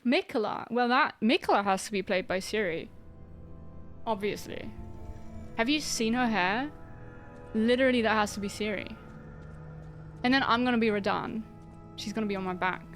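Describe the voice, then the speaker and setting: A chatty woman with a fairly high voice, joking around and laughing as she streams her game. She sounds tired from the effort of playing on a dance pad. Music plays faintly behind her. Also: moderate pace, long pauses. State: tired from exertion. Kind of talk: casual live-stream chat while gaming.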